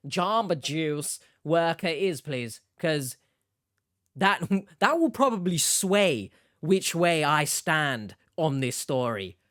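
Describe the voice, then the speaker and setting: Blunt and exasperated, this commentator lectures in a middle-pitched voice. The sound is dry and close, with no room to it. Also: sing-song, slow pace, fairly bright tone, no echo. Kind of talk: reaction commentary.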